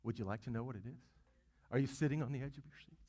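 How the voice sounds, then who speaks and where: A man's voice: medium pitch, fast, dark tone. A man preaching a sermon. He asks the congregation questions, repeats words as he goes, and swells to emphatic peaks. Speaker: pastor.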